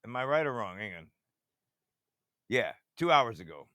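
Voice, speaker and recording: A man rambling excitedly through screen-share commentary and talking straight to his viewers, who keeps asking if they see how it works. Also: mid-range voice, moderate pace, dry recording, studio quality. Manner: talks to viewers directly, half-mocking. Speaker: radar-watching channel host.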